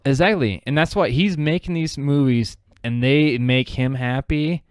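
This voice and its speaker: Co-hosting a podcast, a man chats casually and rambles, leaning on fillers and restarts. His mid-range voice moves at a measured pace and sounds smooth, with no room sound in the clean studio recording.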